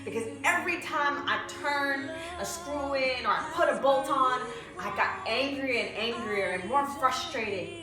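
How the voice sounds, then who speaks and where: A young woman telling a heartfelt personal story, close to tears, moving between hushed and loud, pleading passages. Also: sits high, a little slow, very echoey, recorded from a distance, over music. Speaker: vlogger.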